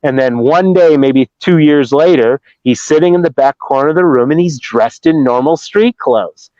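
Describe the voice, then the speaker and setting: Over dry, dull, lo-fi remote audio without echo, a Bigfoot researcher guest from Ohio rambles through a story, restarting lines and acting out quotes. The middle-aged man has a fairly high, mellow voice at a moderate pace.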